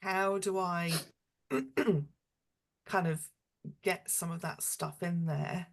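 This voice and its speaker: A woman's voice: lowish voice, steady tone, takes it slowly, gravelly. A woman asking a question on a video call, hesitant and searching for her words. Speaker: audience member asking a question. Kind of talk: casual chat.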